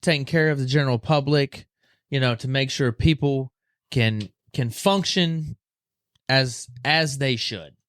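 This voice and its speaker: A man's voice: medium pitch, a little slow, fairly bright tone, no echo. Podcast host, male, laid-back and rambling, dry close-mic sound. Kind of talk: casual storytelling chat.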